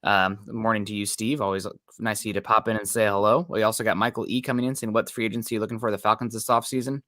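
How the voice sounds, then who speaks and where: A man's voice: lowish voice, level tone, quick pace, a bit bright, no room sound, studio quality. A man co-hosting a live sports podcast, greeting viewers and reading their comments in an easygoing way. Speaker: podcast co-host. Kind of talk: casual live-stream sports chat.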